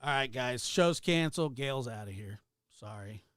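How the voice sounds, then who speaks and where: A man's voice: medium pitch, animated, moderate pace, fairly bright tone, smooth, no room sound, studio quality. A man hosting a livestream, ranting heatedly and sarcastically while greeting viewers in chat. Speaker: livestream host. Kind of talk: ranting livestream talk with chat shout-outs.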